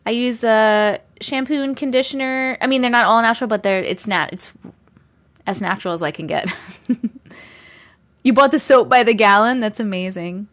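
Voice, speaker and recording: A woman's voice: a little high, normal speed, fairly bright tone. A woman hosting a live stream, chatting casually with viewers, reading out their comments and laughing often. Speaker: livestream host reading viewer stories.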